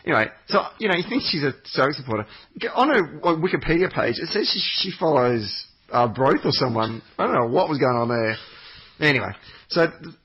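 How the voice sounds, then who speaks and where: A man's voice: a little high, lively intonation, brisk, breathy edge, dull audio. A man, chatting as a podcast guest, telling rambling stories and swearing freely. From Australia. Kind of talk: casual chat.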